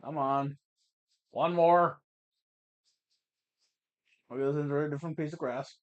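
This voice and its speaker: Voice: mid-range voice, fairly even intonation, measured pace, highs cut off. A let's-play gamer chatting casually through a playthrough, wry and swearing now and then. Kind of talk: casual game commentary.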